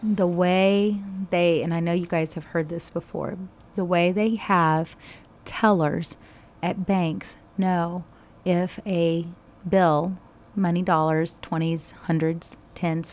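A woman teaching a Bible study, retelling scripture in conversation with sudden animated bursts. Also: fairly low pitch, unhurried.

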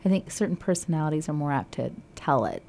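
A woman's voice: deep voice, lively intonation, fast, warm tone. A woman from Texas co-hosting a Christian radio show, talking earnestly through scripture with frequent restarts. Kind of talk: devotional radio talk.

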